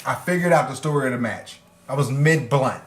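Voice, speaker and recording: A man's voice: mid-range voice, fairly quick, echoey room, slight background noise. A man co-hosting a wrestling review podcast. He recaps matches in casual, profane chat, laughing as he goes. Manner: animated, swears freely, laughs while recapping.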